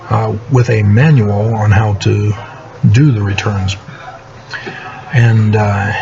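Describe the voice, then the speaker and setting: A man telling his own story in a casual monologue, aggrieved and sardonic, halting with many fillers. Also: lowish voice. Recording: muffled lo-fi recording with steady background noise.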